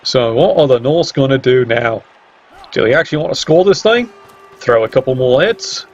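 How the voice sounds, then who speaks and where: A man's voice: mid-range voice, lively intonation, normal speed, soft background music. A man commentating a video game match in a sarcastic, teasing way. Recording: dull lo-fi mic with faint hiss.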